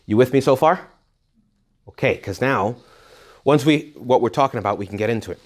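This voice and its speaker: A man's voice: medium pitch, expressive, brisk. Male retreat speaker, informal and joking, keeps checking in with his audience, mid-range voice. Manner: conversational, joking asides, frequent check-ins with listeners. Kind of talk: informal talk to young adults. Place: retreat hall.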